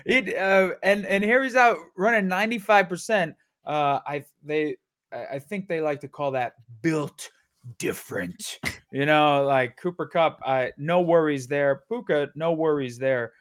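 A man's voice: on the high side, a little slow, a bit bright, clean tone. A man co-hosting a fantasy football podcast, rambling and joking as he interrupts himself. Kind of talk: casual sports chat.

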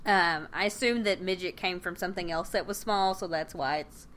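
A woman's voice: on the low side, normal speed, a bit bright. A woman co-hosting a casual podcast, chatting and laughing as she recaps a sitcom episode and acts out the characters' lines. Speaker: podcast co-host.

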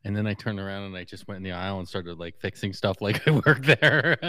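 A man co-hosting a podcast, chatting casually and introducing a guest, quick to laugh. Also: fairly low pitch, pushed and bright. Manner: easygoing, quick to laugh and agree. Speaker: podcast co-host.

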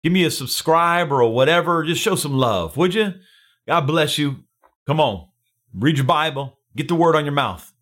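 A man's voice: fairly high pitch, expressive, moderate pace, a bit bright. Fervent exhorting preacher man. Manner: fervent, exhorting, repeats phrases for emphasis. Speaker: preacher hosting a daily devotional. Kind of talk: energetic daily devotional sermon.

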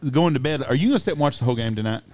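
Lively man in casual sports chat. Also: mid-range voice, rapid-fire. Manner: lively, blunt, profane. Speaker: podcast co-host.

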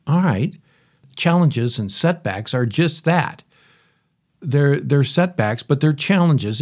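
Animated husky-voiced man telling a story. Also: mid-range voice. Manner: animated storyteller, repeats key phrases. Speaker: podcast host. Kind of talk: personal storytelling.

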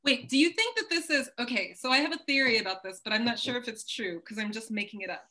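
A woman's voice: a little high, expressive, pushed and bright. A woman from the United States, a podcast guest, chatting in a curious, playful way. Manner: curious, playful, quick to laugh. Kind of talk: casual interview chat.

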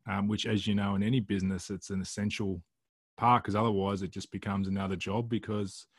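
Fast-talking husky host. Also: male voice, on the low side, flat delivery, no echo, clean studio sound. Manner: friendly, rambling questions. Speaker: interviewer, host. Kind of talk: casual interview.

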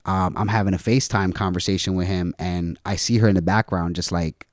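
A man's voice: low-pitched, steady tone, brisk, no room sound, studio quality. A man guest on a podcast, telling a family story casually with swearing and lots of "like". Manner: casual, swearing, heavy use of "like". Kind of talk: emotional storytelling in a podcast interview.

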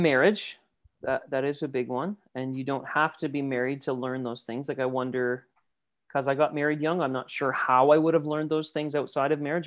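Reflective man, rambling. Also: medium pitch. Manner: reflective, rambling, many fillers and restarts. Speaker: interview guest. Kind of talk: casual interview about faith.

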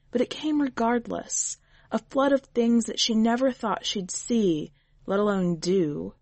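A woman reading a short story aloud in a measured, unhurried way, as a podcast editor and reader. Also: mid-range voice, no echo. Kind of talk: scripted narration.

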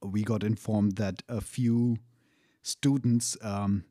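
A man's voice: on the low side, fairly even intonation, slow, dark tone, dry recording, clean studio sound. A man casually recounting a personal story, rambling and profane, with frequent fillers and chuckles.

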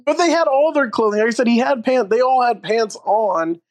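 A man's voice: very high-pitched, brisk. A young man in casual conversation, rambling through a story and laughing along the way. He talks loosely, with lots of filler words.

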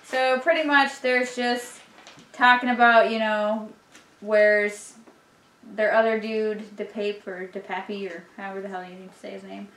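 A woman's voice: mid-range voice, steady tone, unhurried, a bit bright. A woman chatting casually while reading a novel along with a friend, summarizing loosely with fillers. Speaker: book club reader. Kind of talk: casual read-along chat. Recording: echoey room.

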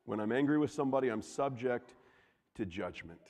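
Young male pastor, animated sermon delivery, loud bursts and hushed lines, ordinary pitch, long hall reverb. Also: brisk.

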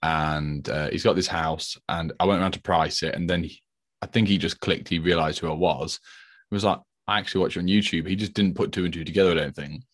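A man's voice: low-pitched, fairly even intonation, brisk, no room sound, clean studio sound. A man, co-host of a podcast, telling rambling stories in casual chat. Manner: chatty, rambling storyteller.

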